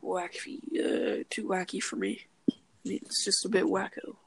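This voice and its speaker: A podcast co-host in casual chat, speaking in a dry, low-key way and often sinking to near-whispers. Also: male voice, flat delivery, moderate pace, gravelly, breathy edge, dry recording, low-quality recording. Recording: faint background noise.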